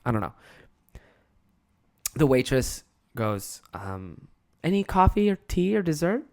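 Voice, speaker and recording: A young man hosting his podcast solo, telling a childhood story with lively swearing and acted-out quotes. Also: sits high, unhurried. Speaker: podcast host and comedian.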